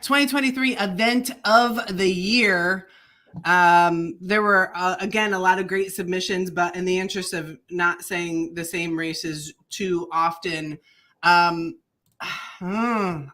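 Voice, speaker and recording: A woman co-hosting a casual podcast, bubbly and quick to laugh, with plenty of ums along the way. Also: lowish voice, pushed and bright. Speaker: podcast co-host.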